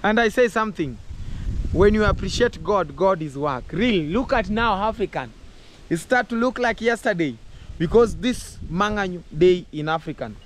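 A Kenyan man vlogging outdoors on his farm, talking excitedly in English mixed with Swahili. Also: high-pitched, moderate pace, a little hiss or hum. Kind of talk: casual farm vlog.

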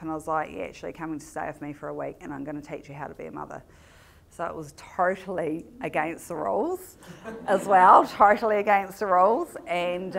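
Low-voiced New Zealand woman telling a story. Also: gravelly, a little hiss or hum. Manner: lively storyteller who acts out remembered dialogue. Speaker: presenter at a community event. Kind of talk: personal storytelling talk.

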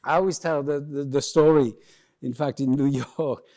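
A man giving a humorous keynote talk on stage, telling lively stories and acting out the voices of the people in them. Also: a little high, moderate pace. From lives in London. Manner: lively storyteller, acts out quoted voices. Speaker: keynote speaker. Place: conference stage before a live audience.

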